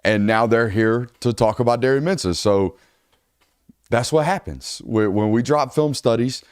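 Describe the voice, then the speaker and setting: Host type: low, smooth man, dry close mic, energetic talk-show banter. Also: dry recording. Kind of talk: casual sports talk show.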